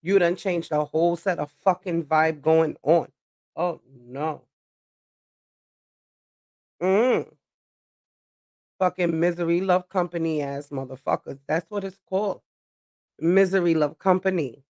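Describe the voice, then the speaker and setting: A woman's voice: on the low side, steady tone, normal speed, a little mellow. A woman livestreaming a blunt, profane monologue that lectures her viewers. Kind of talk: ranting live-stream monologue.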